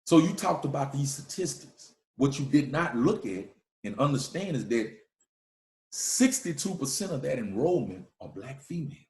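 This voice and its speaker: A man's voice: medium pitch, very animated, normal speed, a little mellow, roomy sound. A man giving an emphatic, preaching lecture, often checking in with his listeners. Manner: emphatic, repeats "all right?" to the listeners.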